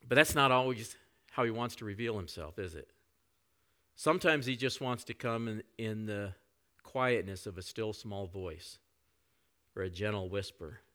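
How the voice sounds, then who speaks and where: Low-voiced man preaching a gentle sermon. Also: moderate pace. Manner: conversational, often drops to soft reflective tones. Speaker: pastor.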